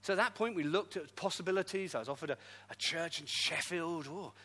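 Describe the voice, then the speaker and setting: A middle-aged man, a pastor, telling his story in a sermon with lively, self-deprecating humor. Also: a little high, brisk. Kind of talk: testimony sermon.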